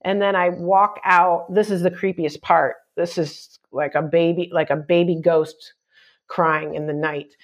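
Animated woman telling a wild story. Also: fairly low pitch, a little slow. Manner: animated storyteller, acts out shouts and quotes. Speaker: guest comedian. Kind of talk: casual podcast storytelling.

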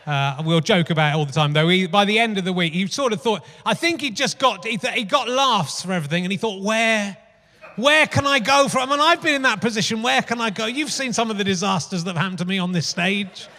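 A man's voice: high-pitched, animated, quick pace, hardly any pauses, sharp tone. A man in his fifties hosting a comedy podcast live on stage, rambling through anecdotes in a chatty, swearing stand-up manner. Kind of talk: live stand-up style monologue. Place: theatre stage before a live audience. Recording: live theatre with hall reverb.

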